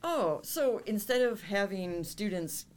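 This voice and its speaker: A woman's voice: mid-range voice, lively intonation, slow pace. A woman teacher chatting as a podcast guest, talkative, with frequent restarts and laughs. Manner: chatty, laughs often, self-interrupting restarts. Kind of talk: casual podcast conversation.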